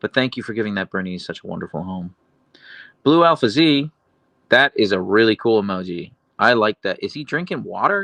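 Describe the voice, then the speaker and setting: Gravelly low-voiced man chatting on a livestream. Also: bright, forceful tone, dry recording, low-quality recording. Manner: chatty, reads and answers viewer comments. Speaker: livestream host and dog owner. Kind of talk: casual livestream chat.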